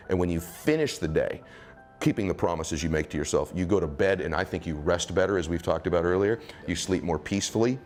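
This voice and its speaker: A man's voice: low voice, a little mellow. A man giving motivational answers in an interview, speaking emphatically in punchy, repetitive phrases.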